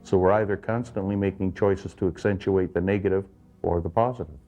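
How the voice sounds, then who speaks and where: A man calmly explaining ideas about choice and responsibility in a measured, lecturing way. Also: sits low, dull audio, over music. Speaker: clinic therapist. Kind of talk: calm explanatory talk.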